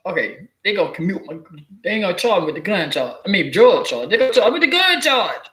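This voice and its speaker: A man's voice: high-pitched, very animated, fairly quick, bright, forceful tone, roomy sound. A man giving casual spoken commentary, loose and profane, telling stories with mock quotes. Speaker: commentary vlogger.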